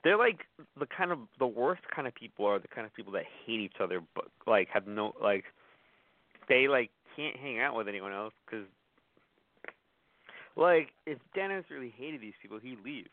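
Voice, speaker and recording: A man's voice: mid-range voice, very animated, normal speed, dry recording. A man co-hosting a podcast, chatting casually and dismissively. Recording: tinny phone-like dry sound.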